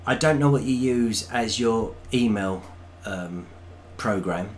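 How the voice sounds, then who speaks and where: A man's voice: fairly low pitch, slow pace, slight background noise. A man co-hosting a live stream, reading out viewer comments in a casual, hesitant way with many ums. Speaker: co-host reading chat.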